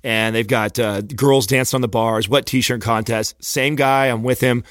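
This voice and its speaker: A man's voice: mid-range voice, moderate pace, dry recording, studio quality. A man in casual chat, telling a long profane story and acting out the quotes with lots of energy. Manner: animated, profane, acts out quotes.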